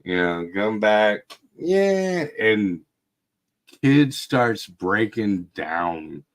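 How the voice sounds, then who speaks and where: A middle-aged man telling a casual story, swearing freely, and shouting out quoted lines. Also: on the low side, extremely slow. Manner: profane, laid-back storytelling with shouted quotes. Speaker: podcast host. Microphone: video call.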